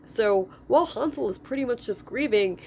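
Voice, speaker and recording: Chatty woman, high voice, rambling. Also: animated, moderate pace, gravelly, a little hiss or hum. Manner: rambling, lots of fillers and restarts. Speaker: video creator discussing a character. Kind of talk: casual storytelling chat.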